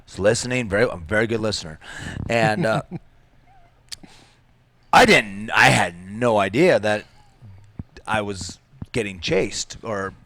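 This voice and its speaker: A middle-aged man from Minnesota, a jiu-jitsu coach, telling a story in casual talk, animated and swearing freely. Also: lowish voice, unhurried, long pauses, a little hiss or hum.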